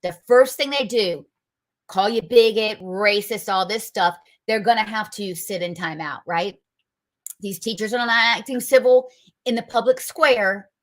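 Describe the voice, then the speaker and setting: Combative woman with a bright voice. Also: medium pitch. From North Carolina, US. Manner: combative, emphatic, rhetorical questions. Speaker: political show host. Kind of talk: political commentary.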